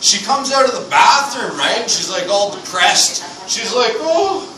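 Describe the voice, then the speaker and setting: A man's voice: high voice, lively intonation, moderate pace. A man doing an unprepared stand-up routine in a bar, rambling and profane, laughing at his own jokes, with no microphone. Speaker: stand-up comedian. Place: bar room with a live audience. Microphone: no microphone, heard from a distant camera. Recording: echoey room, far from the mic, noisy.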